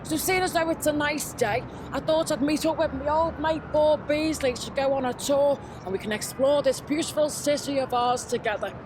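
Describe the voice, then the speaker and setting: A woman's voice: sits high, steady tone, normal speed, few pauses, lightly acted. A woman playing a gossipy Scouse lady. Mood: chatty. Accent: Liverpool. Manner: chatty, rambling, butts in. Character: gossipy Scouse woman pushing a shopping trolley. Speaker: comic presenter. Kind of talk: comedy sketch acting. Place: outdoors on a city street. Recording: outdoor street with traffic noise.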